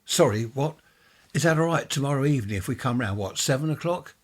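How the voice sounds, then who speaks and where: A man reading a ghost story aloud, voicing a gentle, talkative middle-aged woman who rambles and sighs. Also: medium pitch, expressive, fairly quick, husky, voice pushed up. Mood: chatty, sorrowful. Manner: warm, rambling, sighing.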